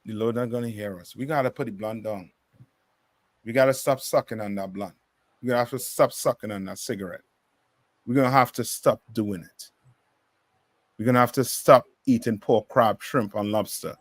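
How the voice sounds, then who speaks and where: A man's voice: fairly low pitch, normal speed, no echo. A man teaching a bible class in a preaching style, emphatic and full of rhetorical questions.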